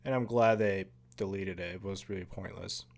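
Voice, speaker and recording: A man's voice: low-pitched, fairly even intonation, normal speed. A man hosting a casual movie commentary, laid-back and chatty, often laughing and swearing casually. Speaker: podcast host.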